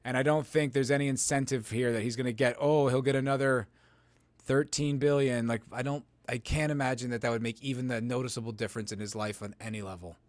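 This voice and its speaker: A man's voice: mid-range voice, fairly even intonation, fast, no echo. A man hosting a podcast, rambling in casual political commentary and answering chat comments, full of "like" and "you know". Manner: reads viewer chat comments and answers them. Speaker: podcast host.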